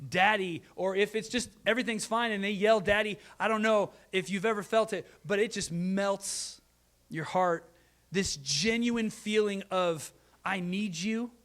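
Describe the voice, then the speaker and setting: A man in his thirties preaching a sermon, earnest, moving between loud emphasis and quiet, soft asides. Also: high voice. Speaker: pastor.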